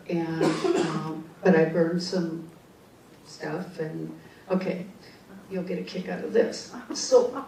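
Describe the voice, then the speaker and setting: Mellow-voiced woman telling a story in an echoey hall. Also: sits low, slight background noise. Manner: conversational, frequent "okay" asides and restarts. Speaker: conference speaker, psychic. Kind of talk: storytelling talk. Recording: distant echoey hall mic.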